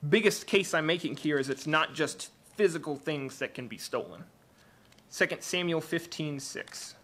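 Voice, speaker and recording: A man preaching a church sermon and reading aloud from the Bible, halting often with fillers and restarts. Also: fairly high pitch, lively intonation, fairly bright tone. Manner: hesitant, many fillers and restarts.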